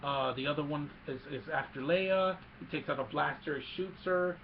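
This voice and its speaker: A man excitedly recapping a movie scene by scene, mixing in sound effects and quick character quotes. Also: a little high, muffled recording, a little hiss or hum. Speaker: movie reviewer.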